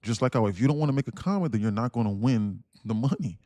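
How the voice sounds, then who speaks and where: A man's voice: mid-range voice, expressive, fast, warm tone, no echo. A young man hosting a live trading stream, ranting emphatically and laughing between his points. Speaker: day trader streaming live. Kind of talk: livestream rant and trading commentary.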